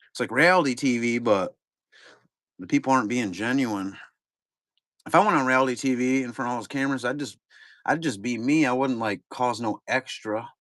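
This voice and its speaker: A man's voice: mid-range voice, fairly bright tone, no room sound, clean studio sound. Laid-back man rambling on a stream. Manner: rambling, laid-back, talks to chat viewers. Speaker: card break streamer. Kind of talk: casual live-stream chat.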